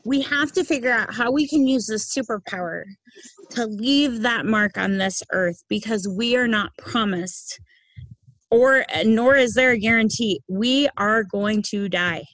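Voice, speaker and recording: A middle-aged woman hosts a casual podcast, speaking with earnest emphasis and an easy laugh. Her voice sits on the high side. The sound is close and dry, with no room around it. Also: measured pace, fairly bright tone, no room sound, low-quality recording. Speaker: podcast host.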